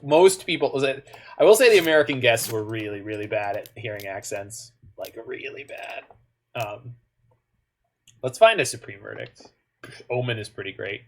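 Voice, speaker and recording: A man's voice: mid-range voice, fairly bright tone. A man from Canada, giving casual, joking commentary while he plays an online card game, with muttered asides in between.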